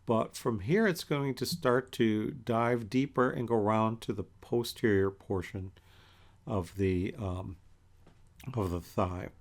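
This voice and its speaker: A man teaching an anatomy lecture in a relaxed, conversational way as he points through pictures. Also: lowish voice. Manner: relaxed and conversational, with many fillers and pauses. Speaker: anatomy instructor.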